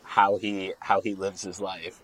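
A man's voice: low voice, flat delivery, unhurried, a bit bright, low-quality recording. A man hosting a casual interview who jokes around and swears freely. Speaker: podcast host.

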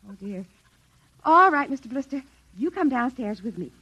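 A woman playing a gentle, anxious mother in a 1950s radio drama, speaking in a soft, soothing motherly tone. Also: high-pitched, big pitch swings, moderate pace, husky, heavily acted. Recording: dull old radio broadcast.

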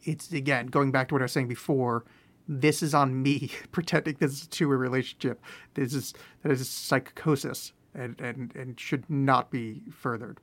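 A man's voice: medium pitch, fairly bright tone. A man hosting a solo podcast, rambling and self-deprecating with dry sarcastic asides, talking from a room at home. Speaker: podcast host.

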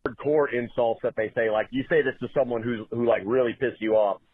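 A man's voice: medium pitch, steady tone, no echo. Hesitant man on a tinny phone line. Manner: hesitant, many uhs, explains slowly. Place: in a car. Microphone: phone call.

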